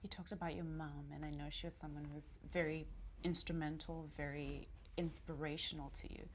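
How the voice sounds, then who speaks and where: A woman interviewer asking gentle, measured questions. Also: deep voice, level tone, a little hiss or hum.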